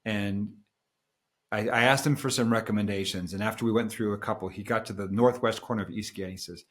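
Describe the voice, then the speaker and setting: A middle-aged man with a lowish voice, telling a story at an easy pace with a relaxed, casual air. He wanders through the tale with the odd "um" and "you know" as he co-hosts a podcast chat. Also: fairly quick. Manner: relaxed, rambling, with fillers. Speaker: podcast co-host.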